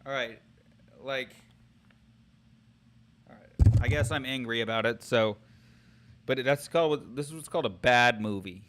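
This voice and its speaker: A man with a mid-range voice streams while testing AI story tools, chatting casually and thinking aloud with many fillers and restarts. He speaks a little slowly with long pauses, over a noisy background.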